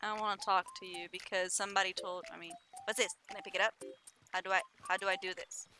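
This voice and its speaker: A woman streamer chatting casually through a video game, giggly and easily excited by cute things. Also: mid-range voice, quick pace, over music. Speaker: gaming streamer. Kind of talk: casual let's-play commentary.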